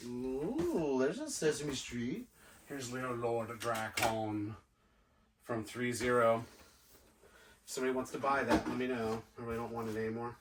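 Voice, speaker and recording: A man with a medium-pitched voice sorts toys out of boxes and muses aloud to himself, slow and casual, as a toy collector vlogger would. The setting is a cluttered toy room indoors with a noisy background. The room echoes and the mic is placed at a distance.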